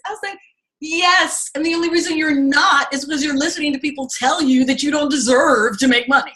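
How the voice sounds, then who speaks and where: A woman's voice: high voice, a little fast, fairly bright tone. A woman teaching an acting class, telling blunt, profane stories and acting out the people she quotes. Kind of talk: class talk to students.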